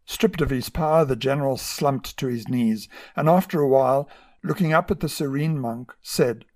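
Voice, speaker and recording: A man of middling pitch reading a prepared talk in a steady, measured way. He tells parables as a host, pacing his phrases evenly. The delivery is clean and composed. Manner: measured storytelling. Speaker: podcast host. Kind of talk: scripted narration.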